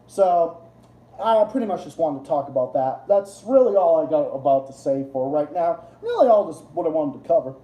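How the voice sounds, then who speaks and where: A man hosting a livestream, ranting in casual chat with lots of swearing and restarts, his voice jumping high whenever he gets worked up. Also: normal speed, echoey room, rough recording. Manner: profane, rambling rant with restarts; excitable, jumps high in pitch when worked up. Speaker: livestream host.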